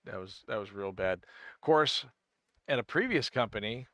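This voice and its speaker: With a fairly low voice and lively intonation, a man streams a game at a moderate pace, sounding a bit bright in studio-quality audio with no room sound. He chats casually with viewers, answering chat and thinking aloud in a rambling way, with frequent self-restarts.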